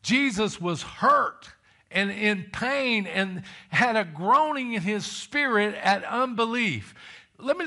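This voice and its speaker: A man preaching a sermon in a high, bright voice. He reads scripture aloud and drives it home with emphatic questions and calls for amens. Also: vocal fry.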